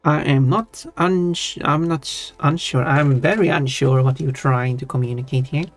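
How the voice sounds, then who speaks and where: A man's voice: medium pitch, steady tone, moderate pace, hardly any pauses, dry recording, soft background music. A man streaming and chatting casually with his viewers, teasing them playfully. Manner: playful, teasing, laughs between words.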